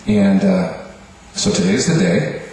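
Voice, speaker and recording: Slowly and with fairly even intonation, a low-voiced, darkish-toned man who leads worship introduces the next speaker to the congregation. The casual introduction wanders and hesitates, packed with fillers, and the far-off recording echoes around the hall over a faint hum.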